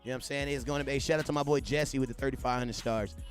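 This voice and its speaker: A man hosting a casual sports livestream, talking animatedly, repeating himself and giving shout-outs to viewers. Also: medium pitch, fairly even intonation, racing, soft background music. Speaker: livestream host.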